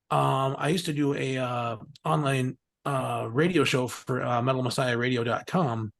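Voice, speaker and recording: A man's voice: mid-range voice, creaky. A middle-aged man telling stories in a rambling, casual way as an interview guest, swearing freely and laughing often. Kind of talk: casual storytelling.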